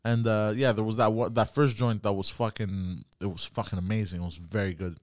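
A man's voice: lowish voice, fairly even intonation, a little fast, dry recording, clean studio sound. A man co-hosting a casual podcast chat. He talks in a laid-back way, swears a lot and keeps saying "yeah".

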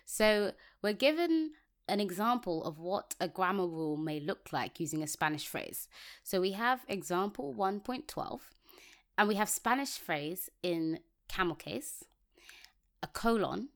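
A woman's voice: medium pitch, lively intonation, a little slow. A woman co-hosting a casual technical podcast, reading code aloud step by step and laughing easily. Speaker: podcast co-host.

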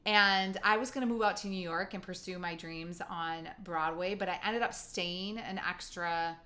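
A woman's voice: fairly low pitch, steady tone, normal speed, pushed and bright. A woman co-hosting a podcast in casual chat, telling a personal story in an earnest, chatty way with playful asides. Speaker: podcast co-host.

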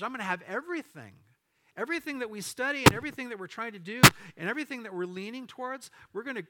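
Bright-voiced male pastor preaching. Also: sits high. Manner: expository preaching, reading verses aloud, casual asides to the congregation. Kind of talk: sermon.

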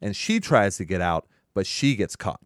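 A man co-hosting a podcast, recapping a film in casual chat, animated, laughing often and swearing freely. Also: fairly low pitch, normal speed, no echo, studio quality. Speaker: podcast co-host.

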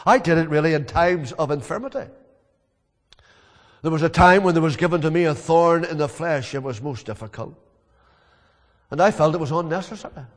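A man's voice: fairly high pitch, a little fast, pauses often, natural voice. A man preaching in the voice of the apostle Paul, speaking in first person about hardship in an earnest, emphatic way. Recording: long echo in a large hall.

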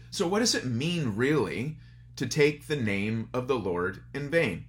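A man's voice: medium pitch, sing-song, measured pace. A man preaching a sermon in a conversational, storytelling way at a church service streamed online. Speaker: pastor.

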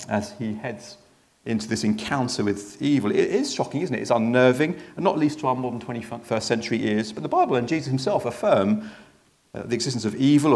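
Gravelly-voiced preacher asking rhetorical questions. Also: male voice, medium pitch, a little mellow. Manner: conversational, rhetorical tag questions. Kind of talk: sermon.

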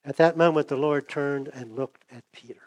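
A man preaching a sermon, conversational, acting out the dialogue with big swings from loud to hushed, and losing his voice. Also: a little high, steady tone, normal speed, dull audio. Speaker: pastor.

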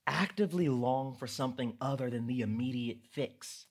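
A man in his thirties preaches a sermon in a husky, slightly breathy voice. He talks casually, like he is chatting with the congregation, then climbs to loud, emphatic peaks. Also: medium pitch, moderate pace. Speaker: pastor.

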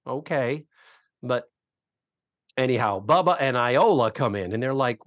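A man co-hosting a podcast, casually recapping a TV episode with animated storytelling. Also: medium pitch, unhurried, dry recording, studio quality. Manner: animated storytelling, acts out quotes. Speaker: podcast co-host.

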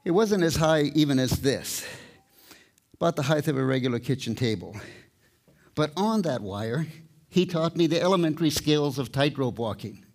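A man's voice: on the high side, lively intonation. An older man, a tightrope walker, giving a live talk with storytelling and light humor, out of breath at times. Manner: storytelling, warm humor, pauses to catch breath. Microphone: microphone, speaking to a live audience.

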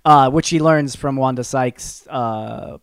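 A man co-hosting a podcast in casual chat, talking in a rambling, animated way with many fillers and restarts. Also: mid-range voice, slow pace, smooth, no room sound, studio quality. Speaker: podcast co-host.

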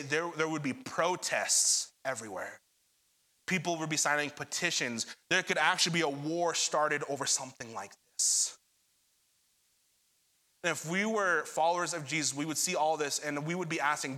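A man's voice: fairly high pitch, normal speed, sharp tone. A young adult man preaching a sermon, addressing the congregation directly and retelling scripture with dramatic energy. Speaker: pastor.

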